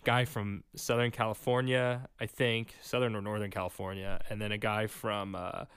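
An upbeat male podcast host with a low voice leads a relaxed interview chat. His manner is friendly and chatty. He is recorded close and dry. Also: moderate pace, clear, resonant tone, dry recording. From Philadelphia, USA.

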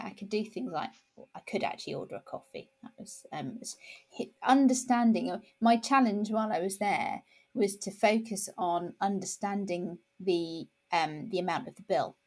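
A woman in casual conversation, talking thoughtfully with frequent restarts and pauses. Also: mid-range voice, darkish tone.

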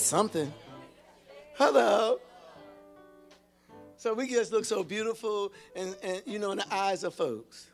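A man with a notably high voice leads a teaching sermon and keeps checking in with the congregation. He stumbles over repeated words as he reaches for ideas. Faint instrumental music sits low behind him. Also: creaky, some chatter behind. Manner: calls out to the congregation with repeated "hello?" and "whoa"; halting, repeats words while searching for them. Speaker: pastor and Bible teacher.

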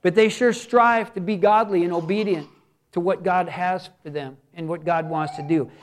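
Pastor guy preaching, really high voice, earnest, hammers words over and over. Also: steady tone, normal speed. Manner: earnest, repeats words for emphasis. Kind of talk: sermon.

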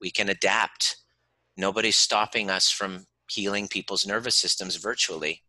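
A man's voice: low voice, steady tone, normal speed, bright, forceful tone, no room sound. A man, a chiropractor and educator, guiding someone through an emotional healing exercise with an intense, soothing, coaching delivery. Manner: intense, soothing, swears freely.

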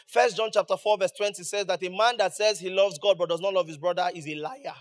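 A male pastor with a high-pitched voice preaches a sermon to the congregation where he's the regular preacher. He speaks quickly with fairly even intonation, pressing his points through rhetorical questions and rising emphasis.

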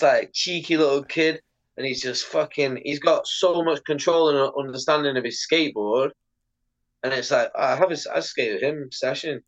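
A man talking as a guest on a casual podcast interview, animated, swearing a lot and filling his speech with "like". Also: fairly high pitch, highs cut off. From Britain. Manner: animated, heavy swearing, lots of "like" fillers. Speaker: podcast guest, pro skateboarder.

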